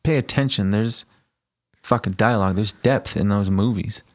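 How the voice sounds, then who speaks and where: A man's voice: fairly low pitch, normal speed. A man co-hosting a music podcast, chatting casually, swearing and retelling movie scenes with animation. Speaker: podcast co-host. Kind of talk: casual chat.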